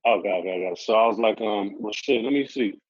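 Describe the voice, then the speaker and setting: A man telling stories in a relaxed, profane street-slang style, acting out the dialogue as he goes. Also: fairly low pitch, fast. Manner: laid-back, profane street slang, acts out quoted dialogue. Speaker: podcast guest. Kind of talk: casual storytelling interview. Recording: dry, slightly muffled audio.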